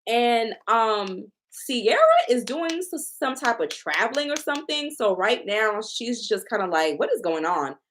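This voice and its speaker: Animated, emphatic woman tarot reader. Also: fairly high pitch, a little slow, hardly any pauses, slight background noise. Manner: emphatic, repetitive, profane. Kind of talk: casual tarot reading commentary.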